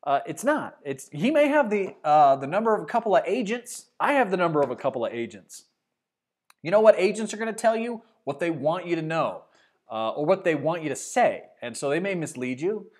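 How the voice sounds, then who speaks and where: A man's voice: a little high, big pitch swings, fairly quick. 50s guy hosting a sports show, talks loose with lots of ums, voice goes up and down a lot. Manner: conversational, with frequent fillers and restarts. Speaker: sports talk show host. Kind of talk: casual sports commentary.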